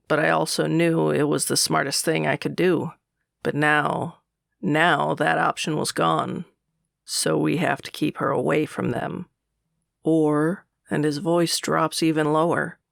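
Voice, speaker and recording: Gravelly guy narrating an audiobook, kinda high voice, dry close mic. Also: a bit bright, dry recording. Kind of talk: first-person audiobook narration.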